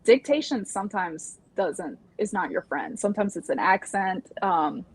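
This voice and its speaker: A woman from the American South with a Southern accent, hosting a casual livestream chat over a video call, chatty and quick to giggle and pun. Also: medium pitch, animated, husky, dry recording. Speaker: stream host.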